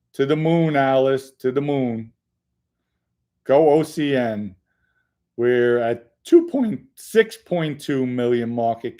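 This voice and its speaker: A man's voice: mid-range voice, dark tone. A middle-aged man hosting his own channel, telling family stories in a casual, rambling solo monologue and swearing now and then. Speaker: channel host.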